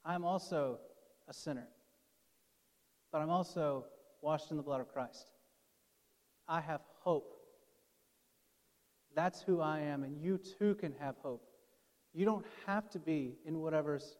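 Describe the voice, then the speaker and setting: A man's voice: on the high side, darkish tone. A man preaching a conversational sermon as pastor, acting out the quoted speakers in his story. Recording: long hall reverb.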